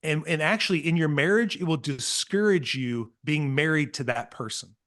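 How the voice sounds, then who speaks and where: A man guest on a podcast, telling parenting stories with earnest, animated energy and acting out what others said. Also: a little high, normal speed. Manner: earnest, animated storytelling, acts out quotes. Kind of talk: casual podcast conversation.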